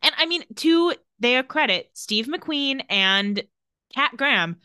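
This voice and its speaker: A woman's voice: sits high, expressive, takes it slowly, pushed and bright, clean tone, no room sound, clean studio sound. A woman co-hosting a casual podcast, retelling scenes and quoting the characters' lines with playful emphasis. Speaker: podcast co-host. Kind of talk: casual recap chat.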